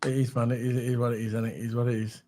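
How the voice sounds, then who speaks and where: A man's voice: mid-range voice, flat delivery, racing, dark tone. A British man hosting a casual live stream, blunt and opinionated, repeating his phrases. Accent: British English. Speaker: streamer host. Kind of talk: casual chat.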